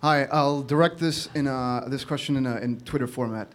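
A man from the audience asking a question in a halting, tongue-in-cheek way. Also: medium pitch.

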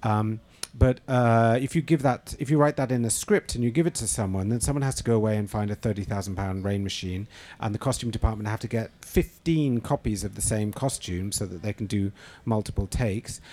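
A man's voice: mid-range voice, normal speed, hardly any pauses, warm tone. A middle-aged man, a novelist and screenwriter, answering interview questions thoughtfully, with frequent fillers and restarts.

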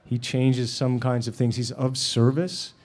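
Halting man telling stories at a Q&A. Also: medium pitch, flat delivery, a little mellow. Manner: halting, with many fillers and restarts, laughing often. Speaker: actor and guest at a Q&A. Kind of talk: anecdotal Q&A talk.

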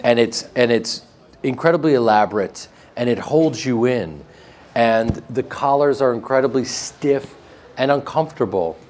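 A man's voice: medium pitch, normal speed. Joking Midwestern American man. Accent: flat Midwestern American. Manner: joking, animated storytelling with laughs. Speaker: actor guest. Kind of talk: casual interview chat.

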